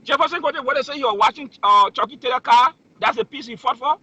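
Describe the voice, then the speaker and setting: A man's voice: very high-pitched, quick pace, bright, forceful tone, husky, highs cut off. A man giving heated political commentary, emphatic and full of rhetorical questions.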